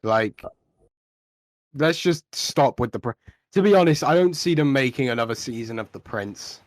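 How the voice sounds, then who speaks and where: A man's voice: mid-range voice, lively intonation, normal speed, no echo. A young man co-hosting a casual podcast, ranting bluntly with plenty of swearing. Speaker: podcast co-host.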